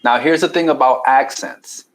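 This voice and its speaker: A man's voice: medium pitch, moderate pace, slight background noise, rough recording. Chatty New York man explaining. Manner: explanatory, repeats words and says "right?" often. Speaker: guest, keto challenge coach. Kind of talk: casual podcast conversation.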